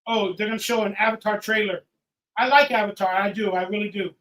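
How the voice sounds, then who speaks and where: A tipsy man hosting a live watch-party stream, ranting and swearing, swinging from loud outbursts to low mutters. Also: steady tone, a little fast, low-quality recording. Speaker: livestream host. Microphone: headphones with mic.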